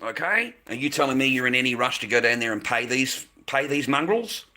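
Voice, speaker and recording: Australian man, forceful bright tone, blunt streamer rant, swears freely, repeats points. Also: mid-range voice, animated, a little fast. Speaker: livestream host. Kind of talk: casual ranting to viewers.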